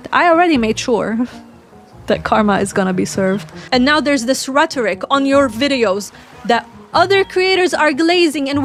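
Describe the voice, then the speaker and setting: A woman rants on a livestream, furious and repetitive, cursing as she goes. Her voice is high. Faint music sits underneath. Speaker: streamer. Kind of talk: angry livestream rant.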